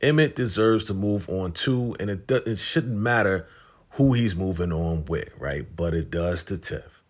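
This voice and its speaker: Dude with a real deep voice doing a laid back slangy recap of a tv episode, just chatting through the scenes. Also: male voice, unhurried. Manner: slangy, chatty retelling that paraphrases characters' lines. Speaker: TV recap host.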